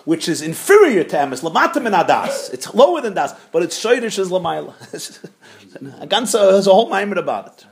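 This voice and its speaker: A man giving an animated Hasidic Torah class, mixing with Hebrew and Yiddish terms. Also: high voice, normal speed.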